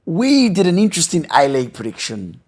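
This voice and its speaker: A man co-hosting a casual football podcast, playful and excitable, needling his co-host with questions. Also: fairly high pitch, brisk.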